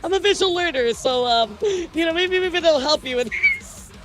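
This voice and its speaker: A woman streamer chatting casually through the news with her viewers, rambling and excitable, often stammering and swearing. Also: extremely high pitch, normal speed, faint music behind.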